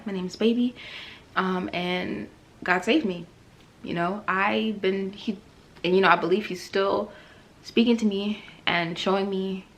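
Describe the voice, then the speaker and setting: A woman's voice: mid-range voice, a bit bright, a little hiss or hum. A young woman vlogger giving a casual, emotional faith testimony, rambling and laughing now and then. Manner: emotional, rambling, laughs often, many fillers.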